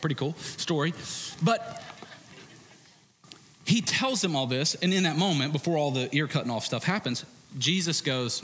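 A man's voice: on the high side, normal speed, long pauses, a little hiss or hum. Man preaching in a reverberant church. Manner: animated, acts out quoted voices, swings between loud and hushed. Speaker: pastor. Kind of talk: sermon.

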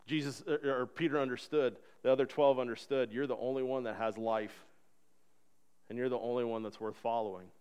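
A man's voice: mid-range voice, fairly even intonation, brisk, a little mellow, smooth. A man in his thirties preaching a sermon, earnest and conversational, acting out voices in the stories he tells. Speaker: pastor.

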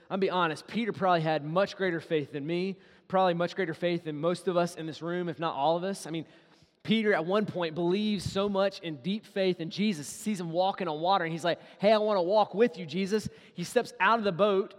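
A man preaching a sermon, swinging from loud acted-out quotes to hushed, intimate asides. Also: a little high, big-room sound. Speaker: pastor.

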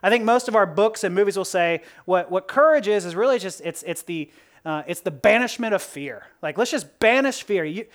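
A woman preacher giving a sermon in a conversational, animated way, asking rhetorical questions and laughing at her own jokes. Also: mid-range voice, a little fast.

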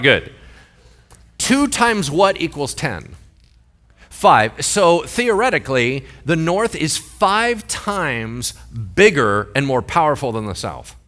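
A man in his forties preaching a sermon in a church, casual and joking, often turning to the congregation with questions. His voice is a touch high and bright and forceful. His pitch leaps around with lively energy. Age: 40s. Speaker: pastor.

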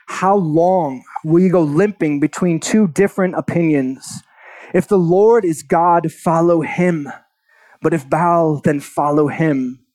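A man's voice: on the high side, darkish tone. A man preaching a sermon, reading a long scripture passage aloud with conversational asides. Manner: earnest, conversational asides between read verses. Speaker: pastor.

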